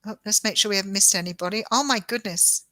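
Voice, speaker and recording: A woman's voice: mid-range voice, fast talker, pushed and bright, dry recording. An Australian woman, a tarot reader, giving chatty and reassuring readings on a live stream with frequent laughter.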